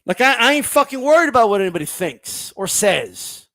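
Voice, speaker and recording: A man's voice: very high-pitched, very animated, fairly quick, bright, forceful tone, no echo. A man hosting a casual boxing livestream, ranting bluntly and profanely and reading viewer comments aloud.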